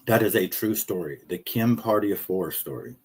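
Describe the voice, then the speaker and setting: Rambling, cussing low-voiced male streamer. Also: lively intonation, moderate pace, darkish tone, husky. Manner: rambling, profane, jokey asides. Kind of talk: casual live-stream commentary.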